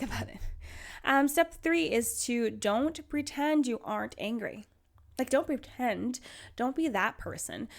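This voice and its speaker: A young woman talks through advice on her solo podcast, chatty and earnest, circling back to repeat her key points. Her voice sits a little high and often drops into a gravelly fry at the ends of phrases. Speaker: podcast host.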